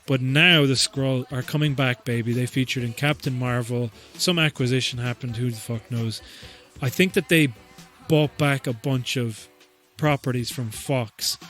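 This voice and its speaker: Brief: guy, mid-pitched, loose, sweary comedic podcast rambler. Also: steady tone, moderate pace, few pauses, fairly bright tone, faint music behind. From Ireland. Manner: profane, rambling, joking, laughs often. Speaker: podcast host.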